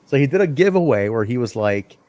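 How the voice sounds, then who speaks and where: A man hosting a casual wrestling review podcast, excitable and laughing often as he tells stories. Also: mid-range voice, fairly quick, no echo. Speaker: podcast host.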